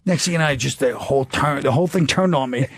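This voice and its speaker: A New York man with a New York accent and a medium-pitched voice talks fast in a dry, studio-quality recording. He's a guest comedian in casual chat, rambling through anecdotes and acting out what people said.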